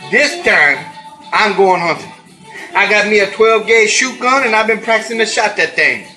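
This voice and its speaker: A man's voice: sits high, normal speed, bright, forceful tone, faint music behind. A man doing a stubborn country wife. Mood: insistent. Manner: insistent, defiant.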